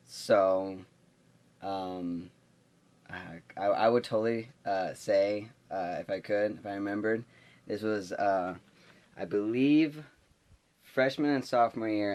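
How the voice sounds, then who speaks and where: A man's voice: on the low side, darkish tone. A young man vlogging, telling a school story in a rambling, exasperated way. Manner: rambling, exasperated, lots of fillers. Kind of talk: casual storytelling to camera.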